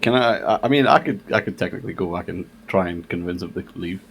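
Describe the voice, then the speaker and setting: Chill guy player, lowish voice, faint hiss behind. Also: fast talker, gravelly. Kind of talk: casual tabletop play.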